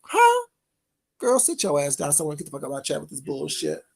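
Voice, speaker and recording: A woman hosting a livestream, ranting at her chat in a profane, confrontational way that swings between loud and quiet. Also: sits low, expressive, very fast, creaky. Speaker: livestream host. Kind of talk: heated livestream rant to chat.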